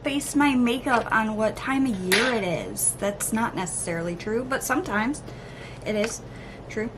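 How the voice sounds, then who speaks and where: A woman vlogger chatting casually through an unboxing, gushing, gasping and cooing with excitement. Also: mid-range voice, a little slow, a little hiss or hum. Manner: gushing, excitable, lots of gasps and oohs. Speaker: beauty vlogger.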